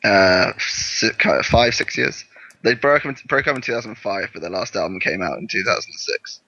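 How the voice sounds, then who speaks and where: A man's voice: lowish voice, moderate pace, sharp tone, no room sound. A man co-hosting a music podcast in casual chat, upbeat and enthusiastic. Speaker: podcast co-host. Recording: dry, dull lo-fi sound.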